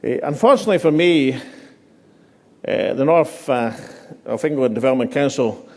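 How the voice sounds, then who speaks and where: A man's voice: mid-range voice, normal speed, a little mellow. Scottish man giving a dinner speech in a reverberant hall. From Scotland. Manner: dry humour with frequent filler hesitations. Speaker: political speaker at a dinner. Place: hotel function room.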